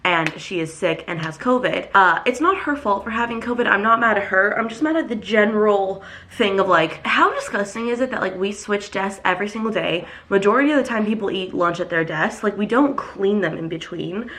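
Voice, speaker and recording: A woman's voice: mid-range voice, brisk, few pauses. A woman in her twenties, congested and sick, ranting in a casual vlog with lots of filler words. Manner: animated, ranting, filler-heavy. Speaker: vlogger. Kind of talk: casual vlog talk to camera.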